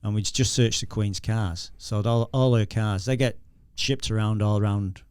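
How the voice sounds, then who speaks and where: A middle-aged Northern English man, once an explosive detection dog handler, is a guest on a casual podcast interview, chatting through anecdotes with laughter and many restarts. His voice is on the low side, a little mellow and clean, steady in tone at normal speed, with no room sound.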